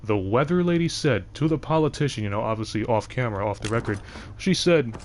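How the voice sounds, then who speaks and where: Young male game streamer, deep voice, loose digressive chat. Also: lively intonation, brisk, a little mellow, a little hiss or hum. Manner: rambling, digressive, frequent restarts. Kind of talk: casual livestream chat.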